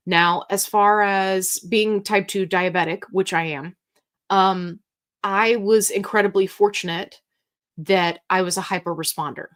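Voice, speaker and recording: Upbeat woman chatting thru a livestream q&a, reading comments, mid pitch. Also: a bit bright. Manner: chatty and upbeat, reads viewer comments aloud. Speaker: livestream host answering viewer questions. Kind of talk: casual live Q&A chat.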